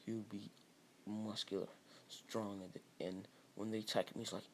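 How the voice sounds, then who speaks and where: A man narrates an improvised fan story in a loose, rambling way, often restarting his sentences. His voice sits low with a gravelly creak. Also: level tone, moderate pace, darkish tone, a little hiss or hum. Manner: rambling, with many fillers and restarts.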